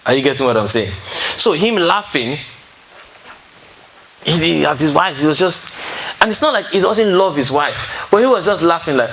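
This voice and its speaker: In a live teaching talk at a singles fellowship, a man gives relationship advice to a seated room, conversationally checking in with listeners and sharing counseling-session stories. His voice is on the high side, expressive and a bit bright, at a moderate pace, and the recording is rough with a little hiss or hum.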